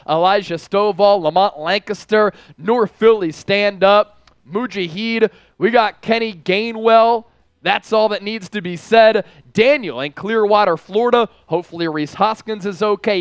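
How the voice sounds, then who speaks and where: A man's voice: sits high, smooth, no room sound. A man hosting a live sports stream, energetically reading out viewers' comments and locations. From from the Philadelphia area. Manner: energetic, shouts out viewers by name. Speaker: live sports show host.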